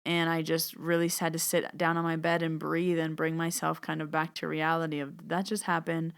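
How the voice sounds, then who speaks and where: A woman hosting her own podcast, telling a personal story in a chatty, animated way and acting out what people said. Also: sits low, moderate pace, creaky, clear, resonant tone. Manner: chatty, animated, acts out quoted dialogue. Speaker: podcast host and medium. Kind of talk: casual storytelling monologue.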